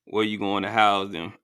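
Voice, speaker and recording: Bright-voiced man hosting a call-in show. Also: lowish voice, clear, resonant tone. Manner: relaxed, chatty, asks viewers for likes. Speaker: host.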